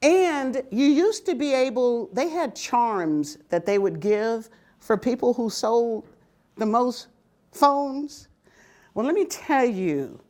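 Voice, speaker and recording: An older woman telling stories from her working life, humorous and lively, often laughing. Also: high-pitched. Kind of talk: personal storytelling talk.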